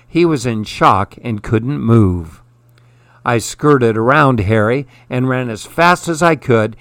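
A man calmly reading a children's storybook aloud. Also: mid-range voice, no echo, studio quality. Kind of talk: storybook narration.

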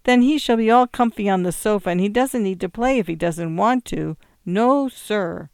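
A reader voicing a fond, clingy woman in a storybook, with a high cooing tone. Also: moderate pace, clear, resonant tone, no echo, clean studio sound, lightly acted.

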